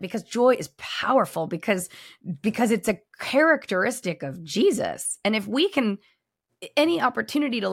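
A woman's voice: medium pitch, no echo, clean studio sound. A middle-aged woman, a former pastor, hosting a podcast in casual conversation and telling stories animatedly with voiced quotes. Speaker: podcast host.

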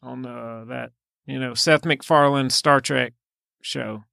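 A man co-hosting a casual movie podcast, excitable and sarcastic, swearing freely. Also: mid-range voice, takes it slowly, gravelly, no echo, studio quality. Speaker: podcast co-host.

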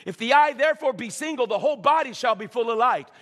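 Male pastor, high, sharp, animated preaching voice, stammering repeats, recorded in a church with a long echo. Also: quick pace. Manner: preaching with frequent stammered repeats and call-and-response. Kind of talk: sermon. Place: church sanctuary. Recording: reverberant church hall.

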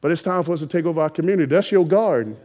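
Male preacher, high voice, fervent exhorting sermon delivery with loud peaks. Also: rapid-fire. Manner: exhorting, call-and-response rising to shouted emphasis.

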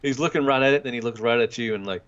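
An excitable man in casual chat who laughs easily. He speaks at an average pitch. The sound is dull and lo-fi. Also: racing, no echo. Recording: dull lo-fi recording.

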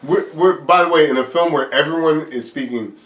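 A man's voice: fairly high pitch, brisk, fairly bright tone. A man in a casual film chat, mostly agreeing with short, profane reactions. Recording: roomy echo, somewhat far from mic.

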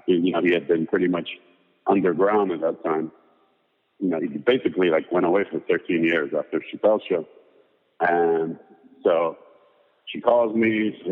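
Deep-voiced man telling a rambling anecdote. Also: moderate pace, pauses often. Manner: rambling, animated anecdote with many fillers. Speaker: interview guest. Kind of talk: casual storytelling. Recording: tinny phone-like sound with long reverb.

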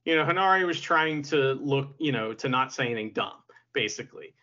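A man's voice: mid-range voice, lively intonation, a little fast, bright, forceful tone, highs cut off. A man co-hosting a podcast in casual chat, who laughs a lot and acts out quotes in silly voices. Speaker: podcast co-host.

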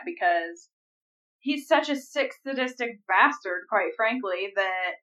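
A woman's voice: medium pitch, lively intonation, unhurried, pushed and bright, distant mic, highs cut off. Frank woman co-host, a bit off-mic. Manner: frank, opinionated, blunt wording, laughs while quoting. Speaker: podcast co-host. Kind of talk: casual chat.

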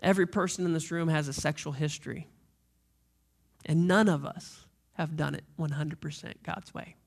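Earnest gravelly-voiced pastor preaching. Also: male voice, on the high side, steady tone, moderate pace. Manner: earnest, direct appeals to the listeners. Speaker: lead pastor. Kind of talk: sermon.

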